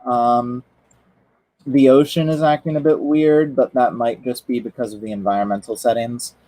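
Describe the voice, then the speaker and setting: A man's voice: mid-range voice, steady tone, normal speed, mellow, no room sound, poor audio. A man chatting casually on a livestream, rambling with lots of fillers and restarts. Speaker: streamer.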